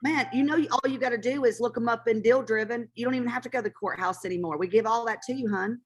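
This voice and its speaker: A woman's voice: on the high side, fast talker, a little hiss or hum. A woman hosting a live webinar Q&A, who talks to callers familiarly and calls them honey. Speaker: webinar host.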